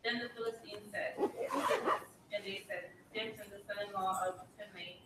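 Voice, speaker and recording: A woman from the class reading scripture aloud in a steady, careful way. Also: medium pitch, fairly quick. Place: church classroom. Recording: distant, echoey room with noise.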